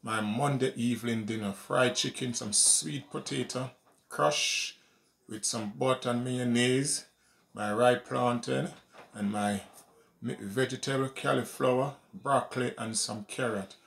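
A man's voice: medium pitch, fairly even intonation, measured pace, vocal fry, a bit bright, echoey room, a little hiss or hum. A man showing his home-cooked dinner, talking casually to viewers and saying "guys" at nearly every turn. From Jamaica. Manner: repeats "guys" constantly, simple homely commentary. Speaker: home cooking vlogger. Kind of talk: casual cooking demonstration. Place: home kitchen.

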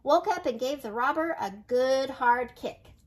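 An older woman reading a storybook aloud to children, gentle and unhurried, slowing on dramatic phrases. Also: high-pitched, expressive, slightly rough. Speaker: storybook reader.

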